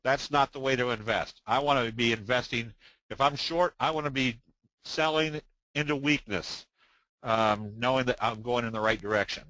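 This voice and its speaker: An older man talks through a trading webinar in a loose, folksy way, full of fillers and little jokes. His voice is bright and forceful, with a dry close sound. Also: medium pitch, moderate pace, no echo, rough recording. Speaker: trading presenter. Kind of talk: webinar presentation.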